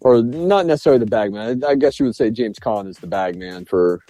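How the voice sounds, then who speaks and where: A man's voice: fairly low pitch, expressive, fast talker, dark tone, dry recording, faint music behind. A man co-hosting a podcast, reviewing a film in casual chat, laughing often and swearing enthusiastically. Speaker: podcast co-host.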